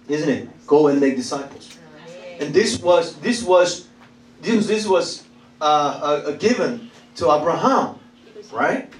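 High-voiced preacher in an echoey hall. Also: male voice. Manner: emphatic, repeats phrases, laughs often, calls for replies. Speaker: pastor. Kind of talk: sermon with call-and-response. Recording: echoey church hall, voice from a distance.

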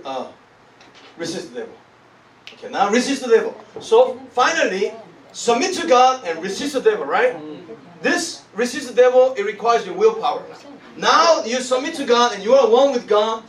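A man preaching a sermon, animated and laughing as he tells a story, pausing often to search for words. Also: very high-pitched. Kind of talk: sermon with live interpreting. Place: church hall. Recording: echoey hall, distant mic, congregation.

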